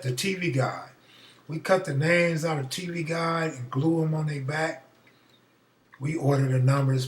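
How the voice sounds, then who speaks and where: A middle-aged man, host of a live stream, telling a profane, animated story in a casual way and acting out the voices. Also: fairly high pitch, roomy sound, recorded from a distance.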